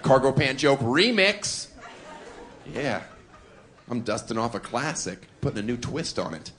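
A male stand-up comedian performing a routine, full of provocative setups and deadpan asides, chuckling at his own lines. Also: mid-range voice, a little slow.

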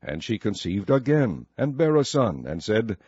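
A man reading scripture aloud in a measured, solemn cadence, with a husky voice, on a dull lo-fi recording. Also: fairly low pitch, sing-song, a little mellow, no room sound. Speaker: scripture reader. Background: faint music.

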